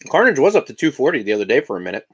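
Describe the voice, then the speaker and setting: A man's voice: mid-range voice, very animated, racing, slightly rough. A man from Indiana hosting a casual live stream, chatting while he eats breakfast. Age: adult parent of young children. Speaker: live-stream host and collector.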